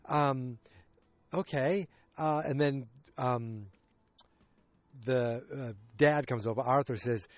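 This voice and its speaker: A man's voice: medium pitch, brisk, no room sound. A man hosting a podcast, casually recapping an episode with rambling asides and quoting characters in raised voices. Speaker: podcast host.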